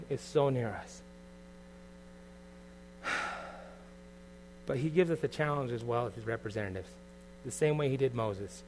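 There is a little hiss or hum behind a middle-aged pastor whose mid-range voice carries an earnest, confessional sermon. He moves from quiet reflection to loud bursts.

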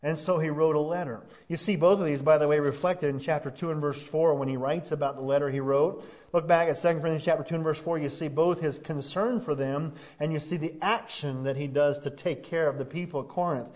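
Pastor guy preaching, fairly high voice, muffled lo-fi recording. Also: steady tone, a little fast, few pauses. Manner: earnest, rising to emphatic peaks then dropping soft. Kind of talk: sermon. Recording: dull lo-fi sound.

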